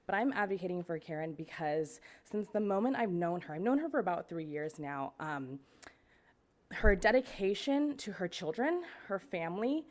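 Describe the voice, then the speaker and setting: Lower-voiced woman giving public comment. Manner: earnest, with some hesitations. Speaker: public commenter supporting a friend. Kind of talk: public comment at a board meeting.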